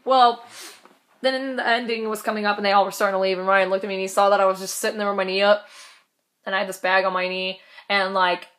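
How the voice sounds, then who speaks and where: A woman's voice: mid-range voice, fairly even intonation, quick pace, a bit bright. A young woman casually telling a story in a vlog, chatty and laughing, swearing now and then. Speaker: vlogger.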